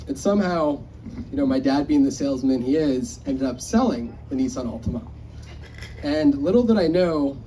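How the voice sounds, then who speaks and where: A man's voice: medium pitch, warm tone. A young man giving a memorial speech, telling rambling anecdotes with frequent chuckles, picked up from a distance. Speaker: eulogy speaker. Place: memorial gathering. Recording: distant mic, faint background noise.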